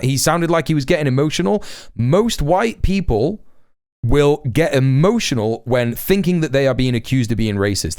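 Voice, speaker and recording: A man's voice: mid-range voice, no room sound, studio quality. A man talking earnestly on a livestream, emphatic, with lots of fillers and restarts. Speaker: Twitch streamer. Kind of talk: livestream commentary.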